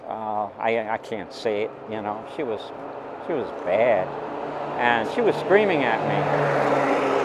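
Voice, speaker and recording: An older man recalling a teenage memory, talking in a halting, rambling way with many restarts. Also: mid-range voice, expressive, noisy background. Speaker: storyteller. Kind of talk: personal anecdote.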